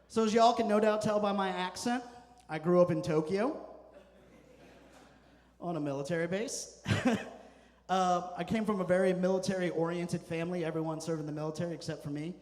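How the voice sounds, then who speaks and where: Stand-up comic man, echoing club. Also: fairly high pitch. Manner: deadpan storytelling with punchy asides. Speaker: stand-up comedian. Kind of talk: stand-up comedy set. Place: comedy club stage.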